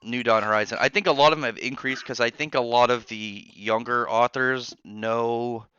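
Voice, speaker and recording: A man hosting a casual live stream from his barracks room, rambling through chat with quick asides and restarts. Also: medium pitch, steady tone, bright, forceful tone, clear, resonant tone, no echo. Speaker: streamer host reading chat. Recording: dull lo-fi sound.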